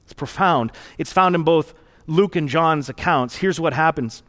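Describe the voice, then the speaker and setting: A man's voice: a little high, unhurried, fairly bright tone. A man preaching a sermon as pastor, in an earnest, conversational and reflective storytelling manner.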